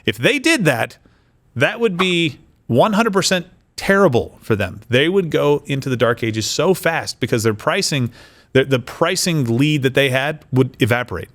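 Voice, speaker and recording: Male co-host, mid-pitched voice, lively chat-show commentary with restarts. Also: moderate pace. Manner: animated, mock voices, frequent restarts. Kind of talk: casual political commentary.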